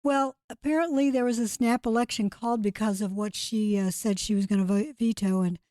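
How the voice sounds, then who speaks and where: A woman's voice: medium pitch, steady tone, fairly quick, mellow, no echo. A woman co-hosting a casual political chat, talking in an easy conversational way. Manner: conversational, chatty. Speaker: co-host.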